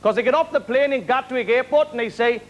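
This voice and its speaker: A Welsh man doing stand-up comedy on a live talent show, firing off quick one-liners and chuckling at his own jokes. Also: extremely high pitch, highs cut off, a little hiss or hum. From Wales. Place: television studio stage before a live audience. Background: studio audience laughter.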